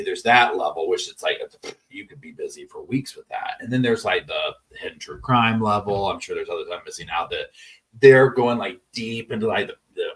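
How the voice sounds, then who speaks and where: A man's voice: on the low side, distant mic. A man hosting a live true-crime chat stream, rambling casually and reading viewer messages aloud. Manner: chatty, rambling, many restarts, reads chat messages aloud.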